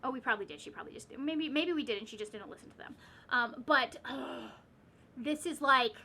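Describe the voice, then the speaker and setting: Woman rambling about books at home, high voice, lots of um and like. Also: brisk, vocal fry, sharp tone, slight background noise. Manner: rambling, ranty, lots of fillers and restarts. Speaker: book vlogger. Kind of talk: casual reading vlog chat.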